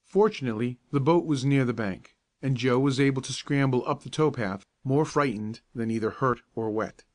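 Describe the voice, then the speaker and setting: Man reading a calm bedtime story. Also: mid-range voice, normal speed. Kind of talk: calm bedtime audiobook narration.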